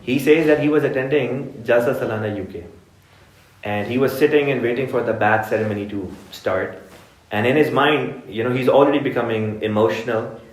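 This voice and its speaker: A man giving an evening religious lesson at a mosque, telling stories in a relaxed, conversational way and speaking directly to his listeners. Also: medium pitch, a little fast, a little hiss or hum. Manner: relaxed anecdotal storytelling, addressing the audience directly. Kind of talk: conversational religious talk, storytelling. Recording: echoey room.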